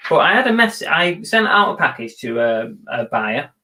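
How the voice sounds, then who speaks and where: A man's voice: on the high side, big pitch swings, normal speed, sharp tone. Guy co-hosting a live reselling show, chatty, jokes at his own expense, swears a bit. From England. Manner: self-deprecating, chatty, swears casually. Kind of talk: casual chat on a live stream.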